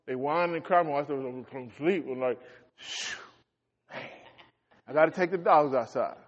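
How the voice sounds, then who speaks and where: A middle-aged man preaching a folksy sermon as a pastor, swinging between shouts and quiet asides. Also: on the high side. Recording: echoey hall, dull lo-fi sound.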